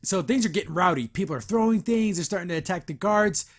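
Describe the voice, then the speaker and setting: Animated man recapping a cartoon. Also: sits high, fast. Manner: animated retelling, acting out characters' lines. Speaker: podcast host. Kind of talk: casual episode recap and reaction.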